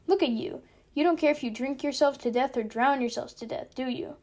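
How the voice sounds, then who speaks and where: A man's voice: very high voice, brisk, darkish tone. A woman voicing a prim, indignant young male officer who scolds his drunken friends. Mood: scolding.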